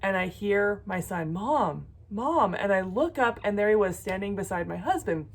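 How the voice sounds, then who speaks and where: A woman's voice: mid-range voice, normal speed. A woman vlogger talking casually about her crafting, then earnestly praying for her viewers, with frequent ums. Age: adult with a son. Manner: chatty, with frequent ums and self-corrections. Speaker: jewelry-making vlogger. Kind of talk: casual vlog chat and prayerful encouragement.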